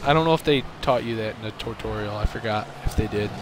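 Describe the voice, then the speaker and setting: A young man streaming a game, shouting excited commentary and bossy coaching at his teammate. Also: on the low side, fast talker. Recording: game music behind.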